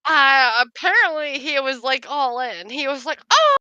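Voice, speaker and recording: A woman's voice: high voice, normal speed, sharp tone, no echo, highs cut off. A young woman casually telling a funny work story to her sister, laughing often and saying "like" a lot. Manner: chatty, many fillers like "like". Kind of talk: casual chat.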